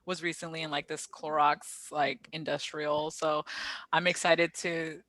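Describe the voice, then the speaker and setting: A woman's voice: deep voice, level tone, unhurried, a bit bright, no room sound. A woman guest actor chatting casually in an interview, laughing often and acting out what people said. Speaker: guest actress.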